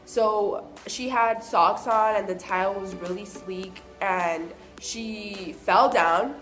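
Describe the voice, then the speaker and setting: A young woman vlogger telling childhood stories in a casual, animated way, often acting out what people said. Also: mid-range voice, slow pace, soft background music. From Southern California. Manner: chatty, animated, acts out quoted voices. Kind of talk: casual storytelling.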